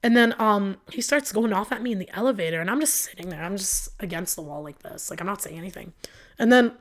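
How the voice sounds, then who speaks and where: A woman's voice: mid-range voice, lively intonation, quick pace. Woman telling a personal story. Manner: casual, filler-heavy speech with many "like"s; emotional retelling that acts out both sides of arguments. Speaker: podcast guest.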